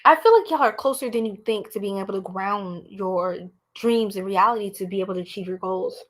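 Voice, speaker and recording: With a medium-pitched voice and a slightly fast delivery, a young American woman runs a live-streamed tarot reading. She chats in an animated way and addresses viewers directly as "y'all."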